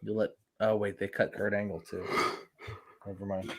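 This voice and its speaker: A brash man co-hosting a casual talk podcast, joking around and throwing out exaggerated threats. His voice sits a little low for a man. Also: flat delivery, moderate pace. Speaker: podcast co-host. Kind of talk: casual chat.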